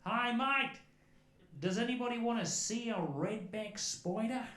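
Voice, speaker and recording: A man's voice: very high voice, a little slow, pitched above the performer's own voice. A man putting on a chilled-out Aussie bloke. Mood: breezy. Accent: put-on Australian. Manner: drawling, very relaxed. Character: laid-back Australian man, unbothered by danger. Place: comedy club stage before a crowd. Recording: echoey club with crowd laughter.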